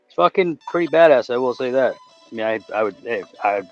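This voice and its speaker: A man's voice: medium pitch, animated, brisk, soft background music. A man hosting a casual chat, rambling and swearing in a laid-back way. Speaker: stream host. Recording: dull lo-fi stream audio.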